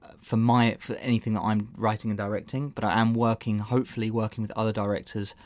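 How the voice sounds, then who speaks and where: A man's voice: on the low side, little pitch movement, fast talker, darkish tone, dry recording. A man hosting a casual live stream, rambling and breaking off mid-sentence with frequent laughs. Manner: rambling, self-interrupting, laughs often.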